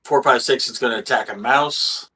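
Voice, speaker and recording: Man, game master, casual, swears, halting narration. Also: medium pitch, sharp tone, low-quality recording. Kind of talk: running a tabletop game.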